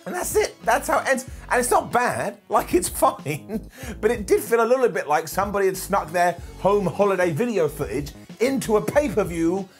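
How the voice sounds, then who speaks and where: A man delivers a jokey retro wrestling review in a raised, lively voice that swings up and down. He is sarcastic and animated and laughs at his own gags. Faint music plays under him. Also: high voice, moderate pace. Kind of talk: comedic retro review commentary.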